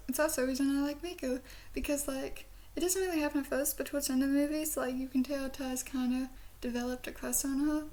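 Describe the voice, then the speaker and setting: High-pitched and giggly, this Southern US woman rambles casually through a video review. She says her speech impediment makes her sound British. Her talk is full of "like" fillers and soft whispered asides.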